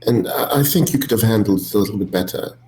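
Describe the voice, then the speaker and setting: A man's voice: on the low side, quick pace, a little mellow. A man playing a tabletop game, speaking politely and hesitantly, often restarting his sentences. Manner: polite, hesitant, self-interrupting. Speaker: player. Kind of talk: tabletop role-play chat. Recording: echoey room.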